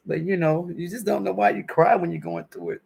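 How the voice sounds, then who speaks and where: Gravelly-voiced woman chatting with viewers. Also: on the low side, a little mellow. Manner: emotional, chatty, calls viewers honey and baby. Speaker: livestream host. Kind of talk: casual livestream chat. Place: at home indoors.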